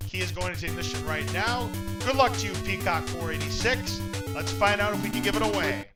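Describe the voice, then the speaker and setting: A man hosting a game show in an upbeat, announcer-like way, getting loudly excited when a contestant wins. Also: high voice, a little fast, far from the mic, music in the background, poor audio.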